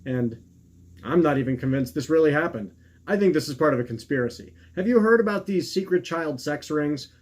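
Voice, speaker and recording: A man's voice: on the high side, expressive, brisk. A man voicing an overfamiliar acquaintance who rambles through excuses and conspiracy talk in a chatty, dismissive way. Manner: chatty, self-assured, dismissive.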